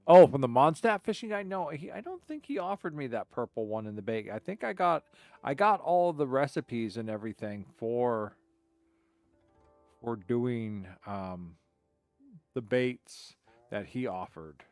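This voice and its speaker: A man's voice: medium pitch, very animated, unhurried, darkish tone, dry recording, soft background music. A man casually commenting while playing a game, rambling and hesitant with a self-mocking edge. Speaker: game streamer.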